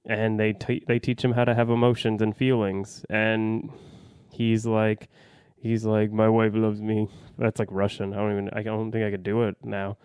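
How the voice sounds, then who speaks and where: A man with a lowish, smooth voice rants through a movie review with blunt swearing and lots of fillers. He is recorded close and dry, with no room sound. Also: flat delivery, moderate pace, darkish tone, no room sound. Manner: blunt, profane, rambling with fillers. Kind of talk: casual spoken review.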